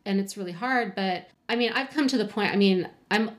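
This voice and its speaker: A woman in her forties co-hosting a podcast, her pitch sitting in the middle of the range. She talks in a loose, chatty stream, leaning on fillers and slipping into quoted voices as she tells a story. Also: fairly quick. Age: 40s. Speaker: podcast co-host. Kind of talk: casual storytelling chat.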